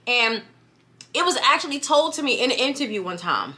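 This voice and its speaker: A high-pitched young woman with a clear New York accent vlogs, talking a little fast to her camera. Her bright, forward voice stays casual, chatty and animated, and she often checks in with "you know what I mean?"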